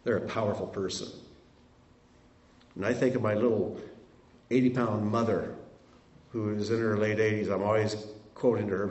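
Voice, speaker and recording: A man's voice: lowish voice, steady tone, normal speed, pauses often, darkish tone, highs cut off. A middle-aged man preaching a sermon as a pastor, conversational, asking his congregation rhetorical questions. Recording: roomy sound from a distant mic.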